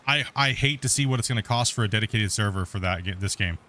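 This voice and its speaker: A man's voice: fairly low pitch, quick pace, bright, forceful tone. A middle-aged man hosting a multiplayer game stream, talking in a laid-back, rambling way with lots of restarts. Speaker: let's play host. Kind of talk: casual gameplay commentary.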